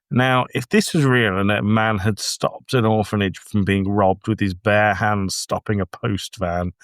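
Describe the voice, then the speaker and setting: A man's voice: on the low side, no echo, studio quality. A man co-hosting a podcast, ranting in exasperation about a film and swearing often in casual chat. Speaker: podcast co-host.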